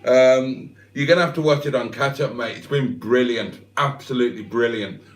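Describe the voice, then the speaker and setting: A man's voice: mid-range voice, moderate pace, echoey room. An older man hosting a livestream, reading out viewers' comments with jokey, self-deprecating banter. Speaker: livestream host. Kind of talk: casual live chat, reading out comments.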